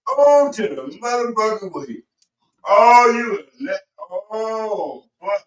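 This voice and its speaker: A man's voice: high voice, expressive, takes it slowly, recorded from a distance. Older man ribbing from across an echoey room. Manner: profane, ribbing, stammering. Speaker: co-host husband.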